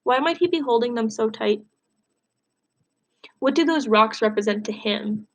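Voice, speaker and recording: A woman teacher leads a reading lesson with a fairly high voice. She reads from a novel and stops to pose questions to her students. Her delivery is clear and guiding. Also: moderate pace.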